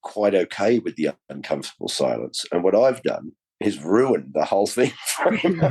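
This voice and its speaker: Male guest, low voice, animated storyteller. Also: normal speed, breathy edge. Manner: animated storyteller, swears casually. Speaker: podcast guest. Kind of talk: casual podcast conversation.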